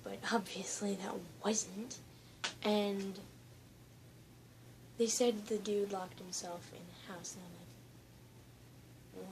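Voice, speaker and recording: A teenage girl shakily retelling a frightening school lockdown in a rambling personal vlog, at times quiet and at times loud. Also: mid-range voice, little pitch movement, slow pace, pauses often, noisy background. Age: teens. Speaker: student.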